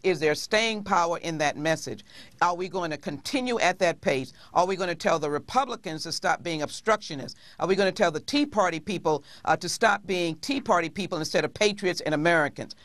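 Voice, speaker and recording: A woman speaking as a congresswoman in a TV interview, measured and pausing often with hesitations. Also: on the low side, a bit bright, no room sound. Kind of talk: TV interview guest.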